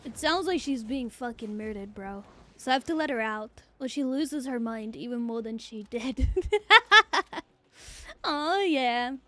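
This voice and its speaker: Young woman, casual gaming streamer, swears a lot, high voice, dry close sound. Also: measured pace, dry recording. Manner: casual, swears freely, laughs often.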